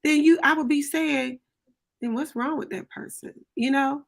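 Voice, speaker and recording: Gravelly-voiced woman, emphatic and devout. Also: high voice, steady tone, normal speed. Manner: emphatic, warmly devout, repeats key phrases. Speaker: panelist. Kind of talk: personal testimony.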